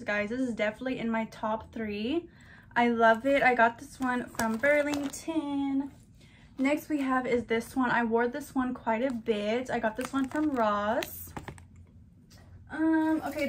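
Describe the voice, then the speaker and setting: Young woman in her 20s gushing over her haul, kinda high voice, faint room noise behind. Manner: chatty, gushing, addresses viewers as girlies. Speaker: vlogger. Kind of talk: casual haul vlog.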